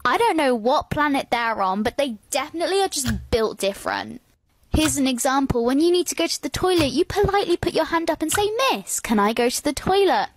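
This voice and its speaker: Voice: sits high, lively intonation, fairly quick, dry recording. A synthetic text-to-speech voice narrating a complaining, sarcastic storytime rant.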